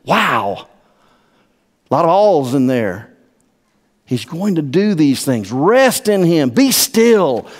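A man preaching a sermon as pastor, emphatic and swinging from hushed to loud. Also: a little high, sing-song, a little slow. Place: church sanctuary. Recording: long church-hall reverb.

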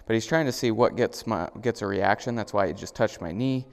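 A man's voice: brisk, creaky. Man explaining dog training, reverberant room. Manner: plain step-by-step explaining, with high praise bursts to the dog. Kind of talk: instructional demonstration. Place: indoors at a home, moving outside.

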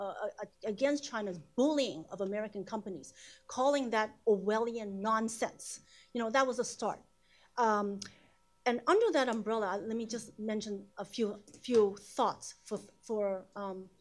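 Woman panelist, mid-pitched, lays out points one by one, measured. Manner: sums up points one by one, with some restarts. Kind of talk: conference panel remarks.

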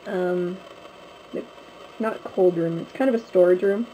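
A woman's voice: fairly low pitch, unhurried, dull audio, noisy background. A young woman from Canada chatting casually to her camera at home, rambling with many fillers. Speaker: vlogger. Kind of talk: casual vlog chat to camera. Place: at home, indoors. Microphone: handheld camera, close.

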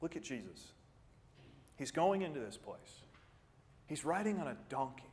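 A man preaching a sermon as pastor, earnest and animated, jumping up in pitch for emphasis and then dropping quiet, often repeating words as he starts a thought. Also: normal speed, pauses often. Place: church sanctuary. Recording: church sanctuary with long reverb.

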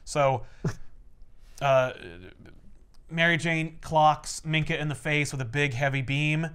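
A man's voice: on the high side, steady tone, slow, a bit bright, clear, resonant tone. A man co-hosting a podcast, casually recapping a comic with rambling filler-heavy narration and wry asides.

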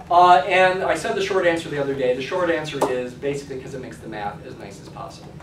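A man's voice: medium pitch, fast, few pauses, background noise. A male college statistics lecturer giving a classroom lecture, conversational and checking in with "okay?" often. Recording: echoey classroom from a distance.

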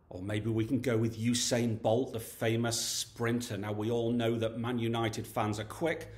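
A man runs through a scripted comic monologue in a dry, deadpan way, dropping cheeky laddish asides. His voice sits somewhat low. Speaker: comedy YouTuber.

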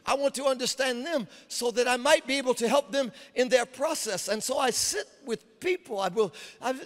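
A male preacher giving an emphatic sermon, with repetitions and dramatic pauses. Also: extremely high pitch. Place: large conference hall. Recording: long hall reverb.

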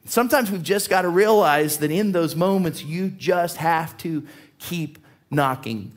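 A man preaching a sermon as a pastor, telling a personal story in an animated way, his voice climbing as the tale builds. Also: fairly high pitch, a little slow, soft background music. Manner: animated storyteller, voice rising with excitement. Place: church.

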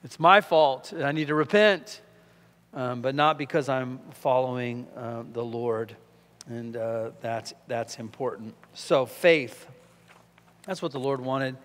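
A man's voice: mid-range voice, slow, fairly bright tone, big-room sound. A man giving a conversational verse-by-verse Bible teaching, full of rhetorical questions and fillers.

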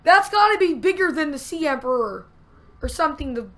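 A young woman giving excitable commentary over her own gameplay, often exclaiming and gasping. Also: high voice, brisk. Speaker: gameplay video host.

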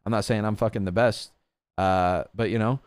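Young man, very deep voice, smooth and clear, dry close sound, rambling casual chat. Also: fairly even intonation, moderate pace, no echo. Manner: rambling, filler-heavy, swears casually. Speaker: guest streamer. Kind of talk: casual chat about roleplay gaming.

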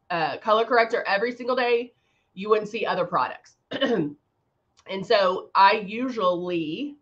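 A chatty woman hosts a relaxed live stream, rambling between thoughts and answering viewers as she goes. Her voice sits at a middle pitch, and the audio is a little dull and muffled. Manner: laughs often, many fillers. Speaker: makeup brand host. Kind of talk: casual live-stream chat.

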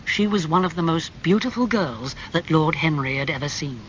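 A man narrating a classic novel as an audiobook, in a clear, measured storytelling manner. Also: fairly high pitch, expressive. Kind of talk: audiobook reading of a graded classic. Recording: slightly muffled with faint hum.

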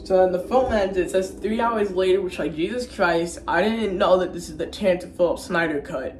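At home in an echoey room with faint noise, a young movie reviewer with a high-pitched voice gives a casual, jokey recap at a moderate pace. He rambles, leans on slang and slips into silly voices.

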